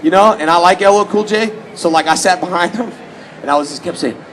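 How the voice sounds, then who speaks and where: A man's voice: sits high, brisk, slight background noise, low-quality recording. A man from Houston, around his late thirties, telling joking stories to fans as a convention panel guest, often slipping into mock voices. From Houston, Texas, US. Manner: joking, animated, slips into mock voices for quotes. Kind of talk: casual storytelling to a fan audience.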